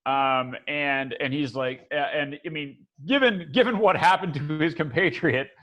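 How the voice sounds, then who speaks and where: A man narrates a tabletop game as its game master. His voice sits a little high for a man. He hesitates and restarts often as he describes the scene. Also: a little slow, fairly bright tone, muffled recording. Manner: hesitant, many restarts and fillers.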